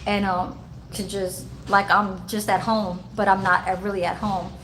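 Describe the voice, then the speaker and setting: A woman's voice: mid-range voice, little pitch movement, moderate pace, fairly bright tone, slight background noise, low-quality recording. A woman who works in a care-home kitchen, chatting loosely and rambling, with plenty of cussing. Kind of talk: casual vlog chat.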